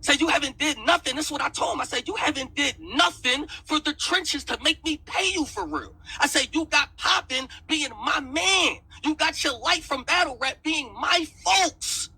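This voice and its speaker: A man's voice: very high-pitched, normal speed, hardly any pauses, sharp tone, rough recording. A man heatedly retelling an argument, repeating "I said" as he goes. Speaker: battle rap league owner. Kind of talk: heated storytelling in an interview.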